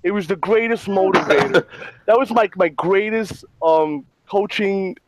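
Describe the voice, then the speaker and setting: A man telling a rowdy, profane story on a casual panel show, animated and loud in the quoted parts. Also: sits high, a little slow, a little hiss or hum, rough recording.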